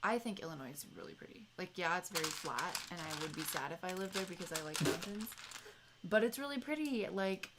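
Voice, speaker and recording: Young woman, low-pitched, rambling casual talk, livestream co-host, noisy background. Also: expressive, a little fast. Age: young adult. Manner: chatty, rambling, reads chat messages aloud.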